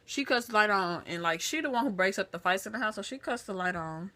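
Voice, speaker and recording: A woman vlogger chatting to a phone camera, retelling a family story in a lively, chatty way. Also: medium pitch, quick pace.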